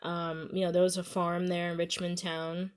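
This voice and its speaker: A woman's voice: on the low side, completely flat delivery, moderate pace. A young woman with a Staten Island New York accent, talking casually to her viewers in a rambling way, full of "you know" and "um". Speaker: vlogger. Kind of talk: casual talk to camera.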